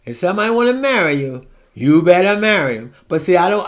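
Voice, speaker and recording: Rambling, high-voiced man in his seventies. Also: sing-song, quick pace. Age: 70s. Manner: ranting, digressive, swings from soft asides to loud outbursts. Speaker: vlogger. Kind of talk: rambling monologue to camera.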